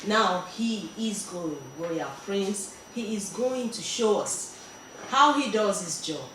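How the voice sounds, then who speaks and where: A woman hosting a talk show, unhurried as she announces segments and explains the rules. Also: medium pitch, expressive, fairly bright tone. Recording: echoey room, mic at a distance, clear background noise.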